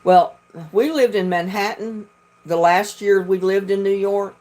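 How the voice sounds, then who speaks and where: A woman's voice: mid-range voice, fairly even intonation, measured pace, a little mellow. A woman from North Carolina with a Southern accent, chatting casually and telling rambling stories as she hosts a livestream. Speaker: livestream host.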